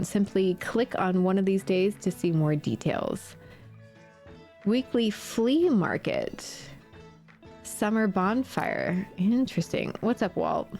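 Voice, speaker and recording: Thirtyish gamer woman, chatty and giggly, mid-pitched, reads on-screen text as she plays. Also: measured pace, darkish tone, soft background music. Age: 30s. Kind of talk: casual let's play commentary.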